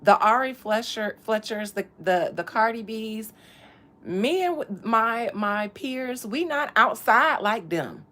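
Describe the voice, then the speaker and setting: A woman's voice: on the high side, animated, slow pace, a bit bright. A woman hosting a podcast, chatting in a casual, profane, comedic way and laughing often. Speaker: podcast host.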